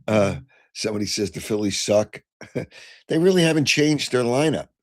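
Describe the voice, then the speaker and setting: An older man hosting a call-in sports radio show, blunt and opinionated, clearing his throat as he gets over a cold. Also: medium pitch, expressive, moderate pace. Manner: blunt, opinionated, flares into shouting. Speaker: sports talk radio host.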